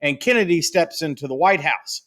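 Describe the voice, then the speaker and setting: A man's voice: a little high, expressive, normal speed, fairly bright tone. A man teaching a casual history lecture, chatty and full of fillers, sometimes acting out quotes. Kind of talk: recorded classroom lecture.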